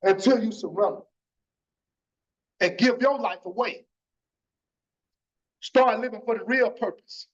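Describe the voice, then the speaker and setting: Man, high voice, preaching his testimony with fervor, keeps saying "man"; muffled church stream audio. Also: measured pace, long pauses. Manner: fervent, repeats phrases, tags lines with "man".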